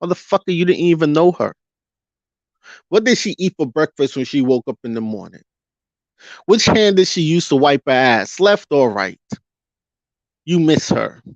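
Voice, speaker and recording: A man's voice: a little high, sing-song, moderate pace, long pauses, dry recording. A man ranting through a fiery commentary monologue, firing rhetorical questions at his viewers and stretching out words for emphasis. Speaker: vlogger. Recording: dull lo-fi dry audio.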